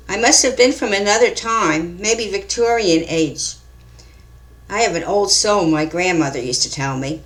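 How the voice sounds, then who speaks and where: A woman reading her own mystery story aloud in a calm, measured storytelling manner. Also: mid-range voice. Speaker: author and narrator. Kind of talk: scripted story narration.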